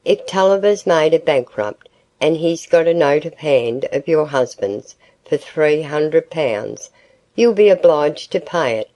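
A woman reading the part of an older gentleman who reasons gently and practically about a family debt. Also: sits low, lively intonation, measured pace, rough recording. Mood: gentle reasoning.

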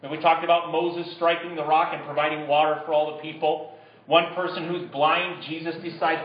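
High-voiced pastor preaching in an echoey sanctuary. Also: male voice, normal speed, dull audio, slight background noise. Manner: conversational, builds to emphatic bursts. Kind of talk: sermon. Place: church sanctuary.

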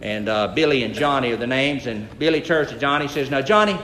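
A man's voice: medium pitch, a little fast, a bit bright, a little hiss or hum. A man, the pastor, preaching a sermon in a folksy, conversational way with frequent restarts. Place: church sanctuary. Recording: echoey church sanctuary.

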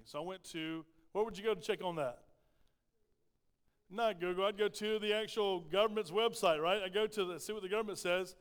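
A man's voice: sits high, fairly quick, clean tone. A male pastor, preaching a conversational sermon with folksy asides in a church. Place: church sanctuary. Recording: long hall reverb.

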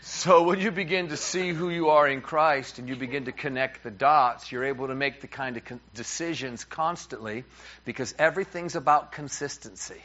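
Middle-aged New preacher, man; lively storyteller who acts out both sides of a conversation, slightly dull recording. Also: mid-range voice, moderate pace. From New York. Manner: animated, repeats words, acts out dialogue. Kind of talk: humorous sermon storytelling. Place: church.

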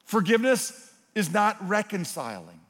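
A man delivers a sermon from the pulpit. His voice sits a little high for a man and carries a long reverb through a large hall. He moves between forceful, emphatic declarations and quiet, intimate asides. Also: sing-song, moderate pace. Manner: earnest preaching, swings between loud emphatic points and hushed, intimate asides. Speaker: pastor.

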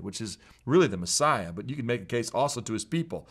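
Low-voiced man teaching scripture. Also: animated, brisk, hardly any pauses, breathy edge. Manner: earnest, emphatic, quotes scripture. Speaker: pastor. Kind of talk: preaching bible teaching.

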